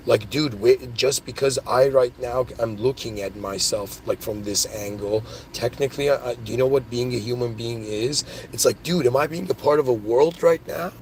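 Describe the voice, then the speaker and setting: A man hosting his own podcast, rambling excitedly through spiritual ideas in a casual monologue, full of "dude" and "like". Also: mid-range voice, normal speed, few pauses, a little hiss or hum. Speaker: podcast host.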